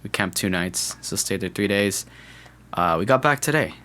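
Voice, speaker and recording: A man's voice: low voice, expressive, moderate pace, bright, forceful tone, slight background noise. A young man hosting a podcast, chatting casually in a rambling, jokey way, restarting and correcting himself. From California. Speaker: podcast host. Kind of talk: casual solo podcast chat.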